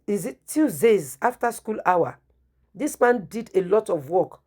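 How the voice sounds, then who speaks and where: A woman's voice: mid-range voice, darkish tone. A middle-aged woman giving a testimony sermon, telling her story and acting out the dialogue with strong emotion. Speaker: preacher.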